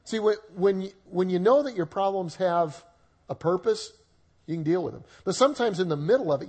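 A man's voice: sits high, animated, brisk, a little mellow, husky. A male pastor preaching a sermon in a conversational way with humorous asides.

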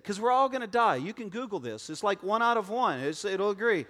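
A man's voice: high-pitched, expressive, brisk, hardly any pauses, fairly bright tone. A man preaching a sermon to a church congregation, joking and conversational, with frequent asides to the audience. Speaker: pastor. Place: church auditorium before a congregation.

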